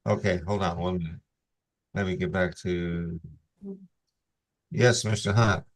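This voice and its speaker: Male judge on a video-call hearing; lowish voice, steady and formal, reads plea warnings. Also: a little slow.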